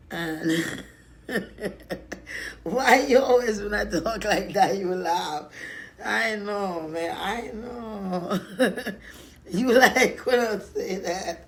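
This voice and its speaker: A woman chatting casually on a live stream while eating, playful and talkative, greeting viewers by name. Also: mid-range voice.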